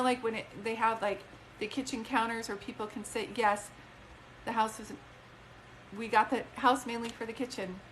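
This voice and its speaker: A woman's voice: a little high, fairly bright tone, a little hiss or hum, low-quality recording. A woman working as a psychic medium, giving a rambling, emphatic reading to a caller. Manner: chatty, emphatic, rambling with restarts. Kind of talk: live-stream reading to a caller.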